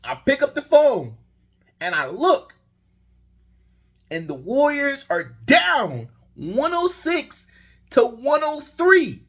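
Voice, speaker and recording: A man's voice: extremely high pitch, sing-song, slow pace, long pauses, fairly bright tone. A young man rambling through a basketball game recap in a casual vlog, telling the story with exasperation. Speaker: sports vlogger.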